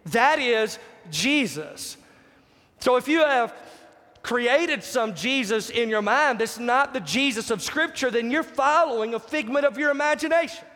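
A man's voice: extremely high pitch, expressive, unhurried, sharp tone. A man preaching a sermon, emphatic, repeating key phrases and putting questions to the congregation. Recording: long hall reverb.

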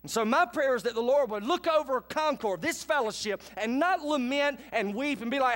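A high-voiced man delivers a sermon in a church. He moves between chatty, folksy remarks to his congregation and animated preaching. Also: a little fast, few pauses. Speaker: pastor. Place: church sanctuary.

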